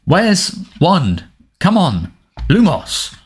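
Man voicing a teenage boy wizard, frantic, shouting, high-pitched, swooping, storybook audiobook. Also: wildly swooping pitch, very slow, slightly rough, full character voice.

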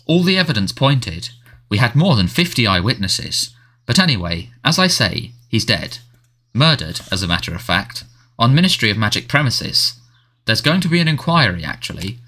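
A man voicing a harried middle-aged male wizard minister who sounds defensive and fretful, talking quickly and pleadingly. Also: mid-range voice, sing-song, bright, forceful tone.

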